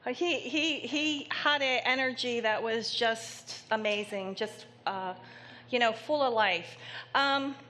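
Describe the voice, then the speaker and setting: A woman psychic medium giving a live reading to an audience member in a theater, speaking gently and haltingly with many pauses. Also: fairly high pitch. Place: theater stage before an audience.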